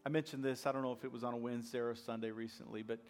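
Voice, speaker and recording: A man's voice: medium pitch, little pitch movement, racing, darkish tone. A male pastor preaching a sermon, repeating key lines and acting out the voices of skeptics. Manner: repetitive call-and-response preaching, acts out skeptics.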